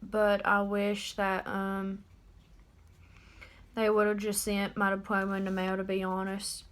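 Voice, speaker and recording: An eighteen-year-old woman talking straight to camera in a personal confessional vlog, subdued and halting. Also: medium pitch, monotone. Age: about 18. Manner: subdued, halting and openly emotional. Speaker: vlogger.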